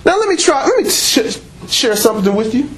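Man preaching, very high voice, booming reverb, faint hiss, animated sermon with shouting. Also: fairly quick. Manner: animated preaching, bursts of shouting and laughter, acts out dialogue. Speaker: pastor. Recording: very echoey room, faint background noise.

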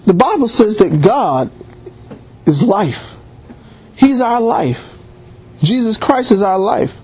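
Animated, husky-voiced male preacher. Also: high-pitched, slow. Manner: animated preaching, rising emphatic peaks. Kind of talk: sermon.

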